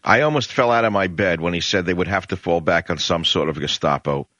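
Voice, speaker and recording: A man's voice: deep voice, a little fast, pushed and bright, no room sound. An older man with a New York accent, hosting a talk radio show in a rambling, emphatic monologue full of hesitations. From Queens, New York. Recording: dull lo-fi broadcast audio.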